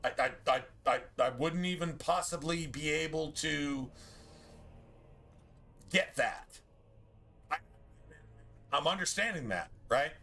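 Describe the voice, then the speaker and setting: A man's voice: on the high side, slow, pauses often, bright, forceful tone. A man streaming a game, ranting profanely to his chat in a loose, rambling way. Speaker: gaming streamer. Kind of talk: casual rant to stream chat.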